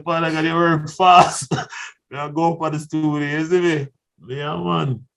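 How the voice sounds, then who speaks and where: A young Jamaican man spins his stories in a relaxed interview, and his voice jumps between low murmurs and high, excited bursts. He laughs often and acts out the other people in his tale as he goes. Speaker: guest artist. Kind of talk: casual interview storytelling.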